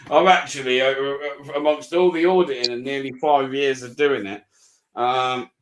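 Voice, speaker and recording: A British man telling a story in casual live chat, animated and swearing a lot as he recounts it. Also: mid-range voice. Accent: British English. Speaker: auditor streamer. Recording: roomy echo.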